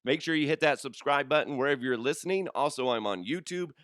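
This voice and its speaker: A man hosting a comedy podcast, hoarse from a cold, talking casually with lots of swearing and laughter. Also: medium pitch, fast, no room sound, studio quality. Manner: animated, swearing, laughs a lot. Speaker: podcast host.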